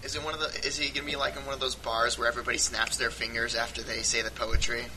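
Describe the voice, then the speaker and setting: A man of middle pitch co-hosts a casual fan podcast, loose and chatty, often breaking into laughter. A clear hiss of noise runs under his voice. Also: little pitch movement, quick pace. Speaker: podcast co-host. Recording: noisy podcast audio.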